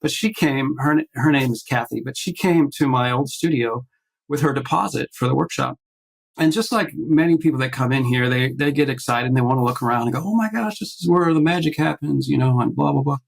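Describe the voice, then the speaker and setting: Talking a little fast in a gravelly, medium-pitched voice on a low-quality recording, a male artist joins a podcast via video call. He shares a personal anecdote conversationally, acting out the quotes with gusto and restarting his sentences many times.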